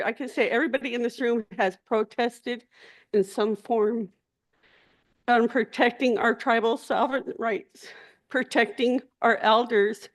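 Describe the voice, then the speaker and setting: A woman delegate giving an unscripted, heartfelt speech at an assembly, openly emotional. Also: high-pitched. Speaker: tribal delegate. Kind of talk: impassioned floor speech. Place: large assembly hall.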